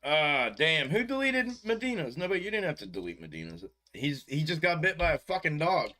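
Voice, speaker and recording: Bright-voiced laid-back male streamer. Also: on the high side, big pitch swings, fairly quick. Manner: laid-back, profane, chuckles often, addresses viewers as bro. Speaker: stock market livestream host. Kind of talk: casual live-stream chat.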